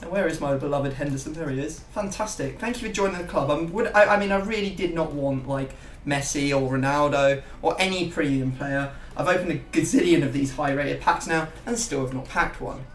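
A man's voice: on the high side, brisk, hardly any pauses, far from the mic, a little hiss or hum. Chatty man, echoey room. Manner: rambling, self-mocking banter. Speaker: YouTube gaming host. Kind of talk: casual gaming chat.

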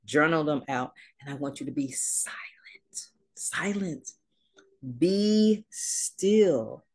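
A middle-aged woman minister giving a casual sermon, with slangy asides and a closing prayer. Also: fairly low pitch. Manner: conversational preaching with slang and asides, ending in prayer.

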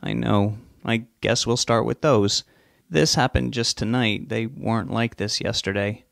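Soft-spoken, troubled young man, read by a male narrator, slow and pleading. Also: fairly low pitch, gravelly, no echo, clean studio sound.

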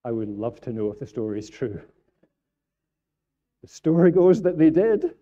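A man's voice: mid-range voice, very animated, moderate pace, warm tone, muffled recording. Male pastor preaching earnestly. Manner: earnest preaching, repeats phrases for emphasis. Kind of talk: sermon. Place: church.

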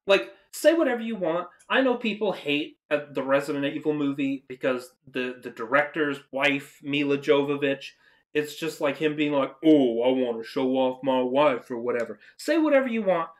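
A video commentator ranting in reaction to news, swearing often, breaking into sudden loud outbursts, and reading quotes aloud only to interrupt them. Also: medium pitch, animated, moderate pace.

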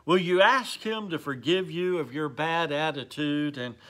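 A man teaching a Bible lesson, telling a story in an earnest, deliberate way to viewers. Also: a little high, a bit bright.

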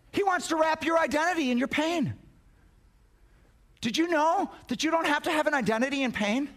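A man preaching a sermon as pastor, passionate, repeating words for emphasis and swinging between loud urgency and hushed intensity. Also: very high voice, very animated, moderate pace.

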